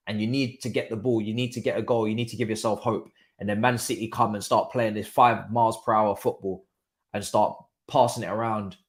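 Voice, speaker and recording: A man hosting a live football watchalong stream, chatting through the match as a fan and bursting into shouts at big moments. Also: medium pitch. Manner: excitable, erupts into shouts and laughs at goals. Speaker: watchalong host.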